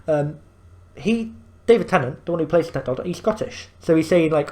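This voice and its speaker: A man's voice: fairly high pitch, animated, moderate pace, dark tone. A man hosting a reaction video, explaining things in rambling casual commentary full of fillers and restarts.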